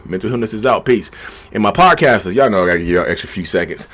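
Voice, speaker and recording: A man's voice: lowish voice, animated, fast. A man giving blunt, profane relationship advice in a casual vlog monologue recorded in a backyard shed. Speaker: vlogger.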